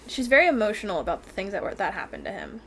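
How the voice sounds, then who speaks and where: A woman's voice: medium pitch, sing-song, rapid-fire, fairly bright tone, a little hiss or hum. A woman co-hosting a book club podcast in casual chat. She is playful and jokey and laughs easily.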